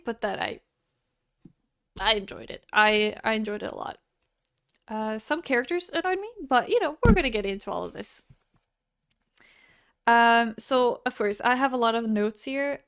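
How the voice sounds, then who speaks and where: A woman's voice: a little high, fairly bright tone, clean tone. A woman giving a casual, rambling movie review while she has the hiccups, often breaking off mid-thought and laughing. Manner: rambling, self-interrupting, laughing. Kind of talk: casual unscripted monologue.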